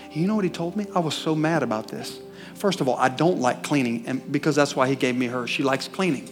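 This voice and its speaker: A middle-aged man preaching a sermon, telling a personal story and building to loud, fervent peaks. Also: medium pitch, quick pace, over music.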